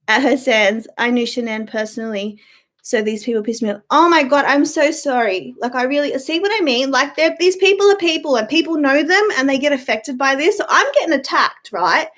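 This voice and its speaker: A woman's voice: high-pitched, a bit bright. A young woman hosting her own live stream from home on a webcam mic. She rants bluntly and irritably, swears freely and breaks off to greet chat viewers by name. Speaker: YouTube livestream host. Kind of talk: casual live-stream rant.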